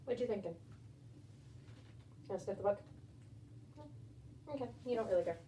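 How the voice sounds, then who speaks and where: A woman's voice: mid-range voice, normal speed, warm tone. A woman reading a storybook aloud to a baby rabbit at home, with chatty asides to her pet. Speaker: rabbit-keeping homesteader and channel host. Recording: echoey room, distant mic, faint background noise.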